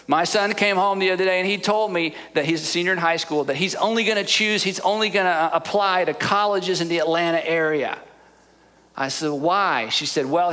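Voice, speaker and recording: Slightly high and fairly bright in tone, this middle-aged pastor delivers an earnest, story-driven sermon. He keeps repeating "I'm telling you" and becomes choked up with emotion at moments.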